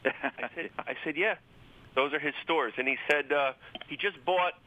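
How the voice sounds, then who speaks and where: A man telling a funny story on a radio show, animated and joking. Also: on the high side, normal speed, phone-quality sound.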